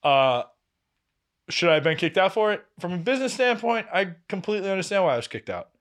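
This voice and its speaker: His voice sits high and moves at a quick pace as this young man, a podcast co-host, tells a story in casual chat. He animatedly acts out quoted voices, laughing and swearing without restraint.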